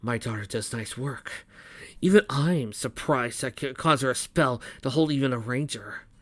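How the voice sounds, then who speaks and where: A man's voice: medium pitch, normal speed, a bit bright, no echo, close to an everyday voice. A man voicing a smug, condescending villain who is a former noble.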